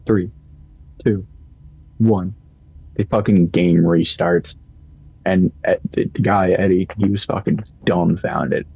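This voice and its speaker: A young man talks loosely while gaming, swearing as he rambles through stories. His voice sits low with a gravelly, husky edge. The sound is dry and close. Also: fairly even intonation, slow, pauses often, mellow, no echo, highs cut off. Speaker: gaming streamer. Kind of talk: casual gaming commentary.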